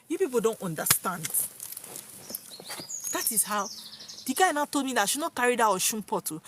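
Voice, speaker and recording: A young Nigerian woman telling viewers a personal story in an expressive, dramatic way, her speech mixed with Pidgin. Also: a little high, slight background noise. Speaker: vlogger.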